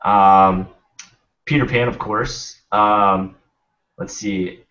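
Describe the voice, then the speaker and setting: A man's voice: on the low side, fairly even intonation, very slow, bright, forceful tone. Laid-back young man, lo-fi stream. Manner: laid-back, rambling, swears casually. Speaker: podcast host. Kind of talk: casual chat. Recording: dull lo-fi stream audio.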